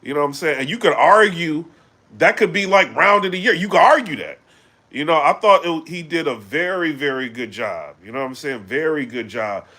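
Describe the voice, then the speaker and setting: A man chatting casually on a live stream, animated and full of fillers, breaking into loud shouts when he gets excited. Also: fairly high pitch, moderate pace. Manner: animated, loose, full of fillers like "you know what I'm saying". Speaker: battle rap commentator.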